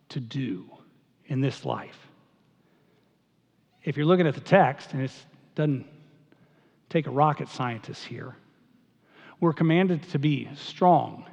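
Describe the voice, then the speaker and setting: A man preaching a sermon to his congregation, conversational and emphatic, often repeating himself. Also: a little high. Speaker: pastor. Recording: dull sound, long hall reverb.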